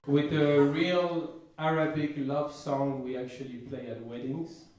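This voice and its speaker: A man doing a stand-up comedy set, boasting in a deadpan way and often restarting his sentences. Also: on the high side, a little slow. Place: comedy stage before a laughing audience. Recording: echoey, distant live room mic with noise.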